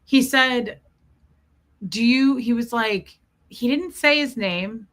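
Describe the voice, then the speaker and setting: Casting: chatty woman livestream host, bright and slightly high voice, greets viewers by name between stories. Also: slow pace. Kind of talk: casual livestream chat.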